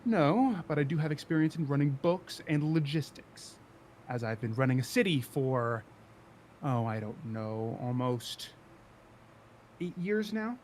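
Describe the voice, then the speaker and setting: A man's voice: a little high, animated, a little slow, a little mellow, a little hiss or hum. A man voicing a scheming male politician who trades cutting insults in a tabletop game. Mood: mocking.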